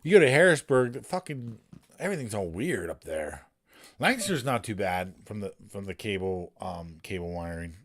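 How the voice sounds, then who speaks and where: A man's voice: lowish voice, big pitch swings, normal speed, fairly bright tone. A man, a poker streamer telling long rambling stories in casual, profane chat.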